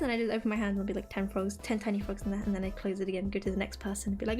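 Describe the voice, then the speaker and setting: A woman's voice: mid-range voice, little pitch movement, racing, few pauses, darkish tone. A young woman from England chatting casually with her stream viewers, rambling with lots of fillers. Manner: rambling, filler-heavy, chirpy. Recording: faint music behind.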